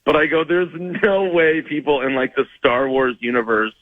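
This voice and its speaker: A man telling a funny story as a comedian guest on a radio show, rambling, self-mocking, with quick laughs. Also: medium pitch, no echo, phone-quality sound.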